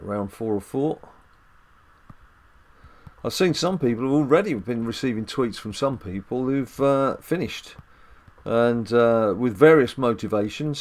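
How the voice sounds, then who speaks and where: A man's voice: mid-range voice, darkish tone. A man hosting a casual mobile game let's-play at home, chatty and rambling with jokes and filler ums. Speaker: dad gaming channel host.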